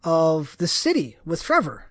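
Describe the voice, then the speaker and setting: Casting note: high-pitched man, blunt and opinionated, casual banter, dry close mic. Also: wildly swooping pitch, unhurried, fairly bright tone, no echo. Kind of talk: casual group chat.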